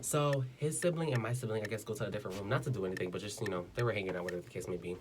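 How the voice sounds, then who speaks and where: A man's voice: on the low side, very fast, noisy background. A young man casually telling a personal story as a vlogger, chatty, blunt and playful, full of filler words. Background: background music.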